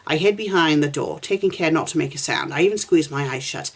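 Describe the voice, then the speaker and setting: A woman reading a first-person fan story aloud at a steady pace, with small slips and restarts as she goes. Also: low-pitched, fairly quick, hardly any pauses. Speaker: fanfiction reviewer.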